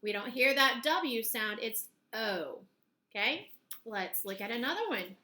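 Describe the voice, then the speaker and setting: A woman teaching a phonics lesson to young children, speaking slowly and clearly and sounding out words in parts. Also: a little high, animated, sharp tone. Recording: echoey room.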